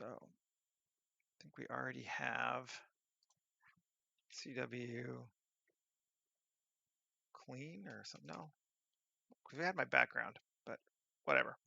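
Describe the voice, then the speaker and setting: A man's voice: medium pitch, slow pace, creaky, pauses often, bright, forceful tone, slightly rough, no room sound, lo-fi sound. A man working on a 3D scene who thinks aloud, muttering half-finished commands to himself.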